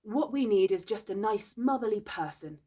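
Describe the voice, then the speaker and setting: A woman's voice: medium pitch, lively intonation, normal speed, mellow, lightly acted. A woman playing a bossy, boastful boy leader. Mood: self-assured. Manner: commanding, self-assured.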